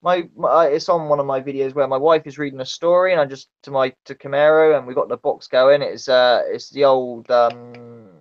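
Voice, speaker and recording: A man telling a spooky story in a casual, animated way, repeating himself as he goes. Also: mid-range voice, normal speed, hardly any pauses, lo-fi sound. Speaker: guest, paranormal investigator. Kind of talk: casual conversation.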